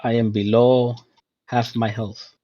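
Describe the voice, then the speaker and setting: A man voicing a warforged barbarian who grumbles and complains loudly. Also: mid-range voice, flat delivery, slow pace, dull audio, lightly acted. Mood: grumbling.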